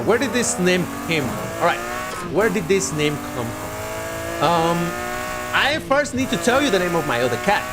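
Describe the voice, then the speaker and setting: A young man in casual streaming mode, chatting away as he plays a racing game. His voice sits a bit high and swings widely in pitch, animated and talkative. A faint background noise runs under the recording. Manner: animated, chatty, talks to viewers and his cat. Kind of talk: casual live-stream commentary.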